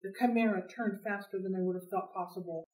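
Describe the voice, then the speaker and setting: A woman reading a novel aloud for a library read-along, in an expressive, steady storytelling manner. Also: mid-range voice, fast talker. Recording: roomy sound, distant from mic.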